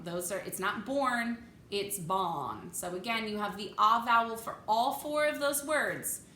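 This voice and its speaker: A woman's voice: fairly high pitch, bright, forceful tone, reverberant, a little hiss or hum. A woman choir teacher giving a vocal lesson, coaching diction step by step and singing phrases for the class to copy. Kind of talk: vocal lesson with sung demonstrations.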